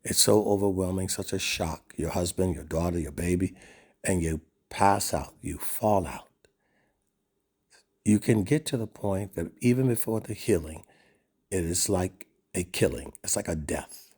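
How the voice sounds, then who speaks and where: A man preaching a sermon in an earnest way, sometimes dropping to a hush on painful words. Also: low-pitched, a little slow, husky.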